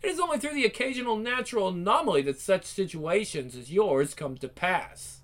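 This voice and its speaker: A man's voice: high-pitched, expressive, a little fast, a bit bright. A man voicing a pompous, condescending older male scientist in a one-man game fan dub.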